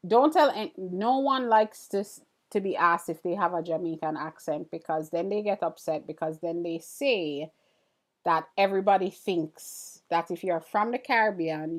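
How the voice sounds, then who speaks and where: A woman with an Antiguan accent hosting a live stream, chatting casually and with curiosity as she answers viewer comments. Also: deep voice. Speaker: livestream host.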